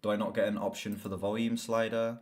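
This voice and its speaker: A young man chatting casually on a live stream about movies, excitable and swearing freely. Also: lowish voice, fast talker.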